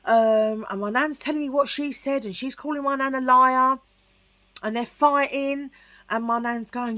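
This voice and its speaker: A woman's voice: on the high side, moderate pace, sharp tone, no room sound. A middle-aged woman from Tottenham with a London accent, telling a rambling personal story in casual vlog chat with lots of asides. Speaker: vlogger.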